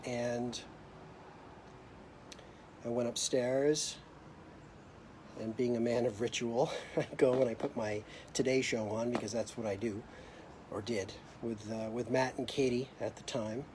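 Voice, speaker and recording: A middle-aged American man speaks into a phone or webcam on a live stream, reflective and hesitant, pausing often and restarting his sentences. His voice is mellow and warm, sitting at an ordinary pitch. A faint hiss of noise runs under the recording. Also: fairly even intonation. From United States. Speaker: host of a live video. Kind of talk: casual personal storytelling.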